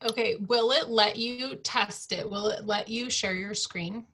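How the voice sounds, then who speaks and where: A woman hosting a team training call over video, talking in a chatty, upbeat way with quick asides. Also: a little high, a bit bright. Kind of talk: casual online tutorial chat.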